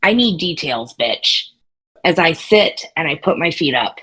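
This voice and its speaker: A woman voicing a short, defiant adventurer who swears and talks back without fear. Her voice sits low and a little husky. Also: expressive, measured pace, exaggerated voice, rough recording. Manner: sharp-tongued, swears casually. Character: blunt short female adventurer, crude and defiant.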